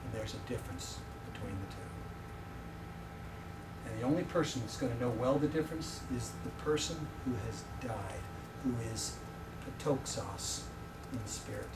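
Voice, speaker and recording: At a moderate pace, pausing often, the middle-aged man preaches as a visiting professor in an expressive, medium-pitched voice. Personal anecdotes and jokes with the audience fill the sermon. Heavy background noise and room echo surround the far-off mic.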